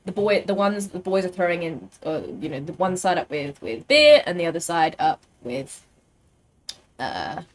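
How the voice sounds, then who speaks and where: A woman's voice: on the low side, big pitch swings, moderate pace. A young British woman streaming a game, chatting casually and rambling with lots of fillers. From United Kingdom. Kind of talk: casual gaming chat.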